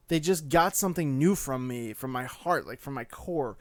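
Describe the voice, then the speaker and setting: A young adult man giving a casual spoken movie review, excitable and gushing, full of "like" and "dude". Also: fairly high pitch, normal speed, no echo, studio quality.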